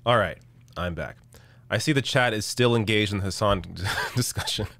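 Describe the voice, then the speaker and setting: Indignant low-voiced male stream host. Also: moderate pace, fairly bright tone, faint music behind. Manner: indignant, sarcastic, reads quotes aloud then reacts. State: losing his voice. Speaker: political commentary host. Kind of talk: live-streamed news commentary.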